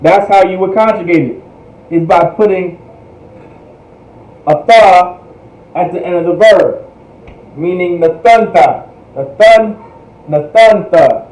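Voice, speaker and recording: A man's voice: high-pitched, takes it slowly, pauses often, a little mellow. A man teaching a language class in a livestreamed lecture, patiently repeating words to drill their pronunciation. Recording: echoey room.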